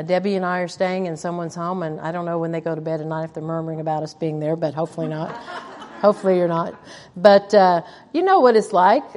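A woman's voice: mid-range voice, a little mellow. A middle-aged woman teaching a women's Bible study in a chatty way, putting questions to the listeners and muttering asides under her breath. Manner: conversational, asks the audience questions, mutters quoted asides. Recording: long echo of a large hall.

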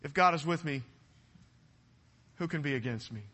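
A man's voice: on the high side, normal speed, bright, forceful tone, big-room sound. A man preaching a sermon, earnest and emphatic, repeating phrases for effect.

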